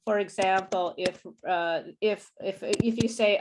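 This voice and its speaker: A woman leads an English pronunciation lesson at a very unhurried pace. She says each word with care and waits for her students to repeat it, laughing lightly now and then. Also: mid-range voice, fairly even intonation, noisy background. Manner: patient, slow and repetitive, with light laughs. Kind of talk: live online pronunciation lesson.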